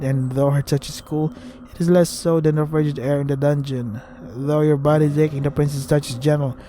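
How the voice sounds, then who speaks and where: A man's voice: a little high, slight background noise. Man reading aloud, then ranting. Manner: reads flatly then bursts into incredulous, profane ranting. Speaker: gaming YouTuber. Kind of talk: reading a visual novel aloud with angry commentary.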